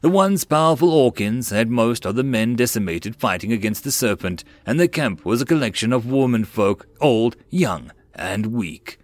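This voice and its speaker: A male narrator reads a web novel aloud in a measured, storytelling manner. His pitch sits in the middle of the male range and moves freely. The recording is close and dry. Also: lively intonation, no echo. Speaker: audiobook narrator. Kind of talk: web novel audiobook reading.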